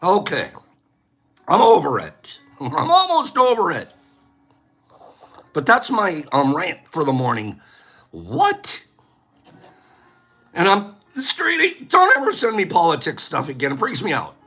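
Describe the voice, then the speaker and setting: A man's voice: high-pitched, wildly swooping pitch, takes it slowly, long pauses, pushed and bright, breathy edge, faint music behind. A man hosting a casual livestream, rambling through joking rants and giving things away to viewers.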